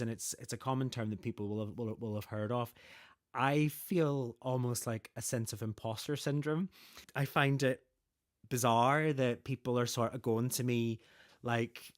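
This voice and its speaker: A man co-hosting a podcast, talking in a reflective, hesitant way and often repeating words as he asks questions. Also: mid-range voice. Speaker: podcast co-host. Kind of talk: casual podcast chat.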